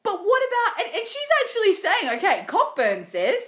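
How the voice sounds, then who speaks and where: A woman's voice: extremely high pitch, huge pitch swings, normal speed, a bit bright, roomy sound. A woman co-hosting a casual comedic chat, giggly and teasing as she reads listener letters. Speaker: podcast co-host.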